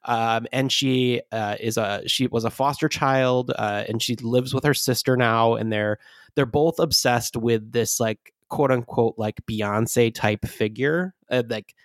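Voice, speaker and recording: A man's voice: mid-range voice, steady tone, a little slow, dry recording. Man, casual podcast talk, lots of fillers, laughs often, dry sound. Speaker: podcast co-host. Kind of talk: casual chat.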